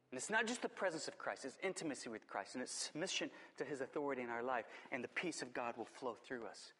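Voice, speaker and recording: A man's voice: fairly high pitch, fast talker, hardly any pauses, fairly bright tone. A man preaching a sermon as a pastor, emphatic, repeating his key phrases. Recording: long church reverb.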